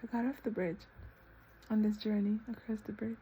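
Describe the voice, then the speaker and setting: A woman vlogging a reflective self-talk monologue, rambling with lots of fillers and breaking into sudden high exclamations. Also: steady tone, normal speed, mellow, a little hiss or hum. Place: eating ice cream while filming herself.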